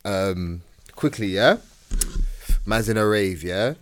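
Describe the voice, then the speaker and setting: A podcast co-host with a lowish voice speaks slowly, with no echo in the recording. In a casual chat, he tells slang-heavy London stories, animating them by acting out other people's voices.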